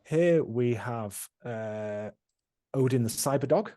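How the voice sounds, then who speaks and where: A man's voice: medium pitch, slow pace, mellow. A man running a tabletop game, recapping past sessions in a rambling, casual way with many restarts. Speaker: game master.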